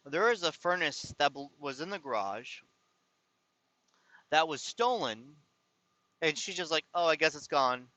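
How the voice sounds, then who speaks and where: A vlogger from California tells his viewers a personal story, his fairly high, sharp voice recorded roughly with no room sound. He's casual and rambling, often exasperated, and keeps restarting his sentences.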